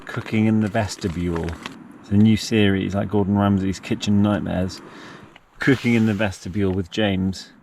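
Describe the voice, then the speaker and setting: A man's voice: lowish voice, fairly even intonation, moderate pace, a little mellow. A man camping in a tent in a forest, chatting casually to the camera and talking to his dog in a fond, sing-song voice. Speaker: vlogger. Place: inside a small tent in a forest. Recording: distant mic with clear background noise. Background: rain and outdoor noise.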